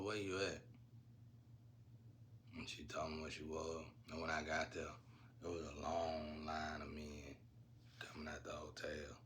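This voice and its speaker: A man's voice: extremely low pitch, a bit bright, a little hiss or hum. A man telling stories in a casual, rambling way, laughing often and using slang. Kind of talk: casual storytelling.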